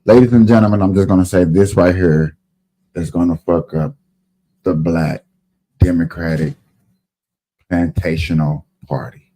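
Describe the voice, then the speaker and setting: A man's voice: sits low, animated, vocal fry. A man hosting a casual reaction show, joking and drawing out his words for emphasis. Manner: loud, joking, drawn-out emphasis. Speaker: commentary show host.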